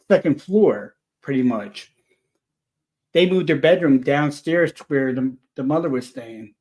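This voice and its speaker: A man telling a story in a casual chat, rambling and animated, full of restarts. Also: medium pitch. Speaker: paranormal investigator guest.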